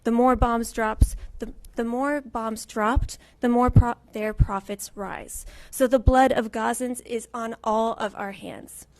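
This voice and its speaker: Woman, slightly high voice, pleading, forceful public comment. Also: steady tone, slow pace, hardly any pauses. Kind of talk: public comment at a county meeting.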